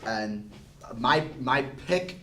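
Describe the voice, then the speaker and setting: A man's voice: mid-range voice, expressive, drawn-out words, fairly bright tone. Young man heard from an echoey distance. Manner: subdued, reluctant. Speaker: panelist. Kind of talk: casual group chat.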